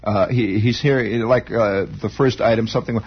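A radio monologist with a lowish voice spins a long, wry, meandering story at normal speed, growing animated as his excitement rises with the story. The dull, lo-fi old broadcast recording carries heavy background noise.

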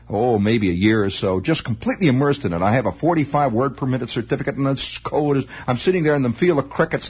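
A man's voice: mid-range voice, breathy edge. A man telling a long, wry, meandering story in a monologue. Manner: wry, meandering, animated, rising excitement as story builds. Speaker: radio monologist. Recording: dull lo-fi old broadcast recording.

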